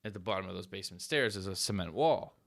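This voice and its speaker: A man co-hosting a podcast, chatting casually and telling stories with animated, swearing energy. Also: low-pitched, quick pace, gravelly, no room sound. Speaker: podcast co-host. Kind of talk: casual chat.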